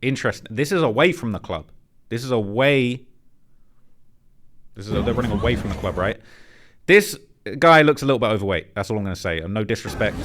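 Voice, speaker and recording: A man hosting a commentary channel, reacting to footage in an animated, speculative, blunt and slangy way. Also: fairly low pitch, brisk, long pauses, a little hiss or hum.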